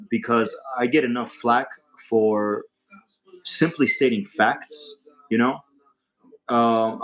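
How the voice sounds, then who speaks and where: A man's voice: medium pitch, rough recording. A man hosting a casual livestream from a lounge, rambling with lots of fillers and restarts. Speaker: livestream host. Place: hookah lounge.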